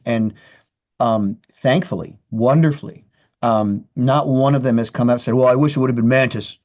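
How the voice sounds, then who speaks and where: A guitarist guest in a casual interview speaks in a mellow, mid-range voice over dull audio. He's candid, swears, and restarts his sentences frequently.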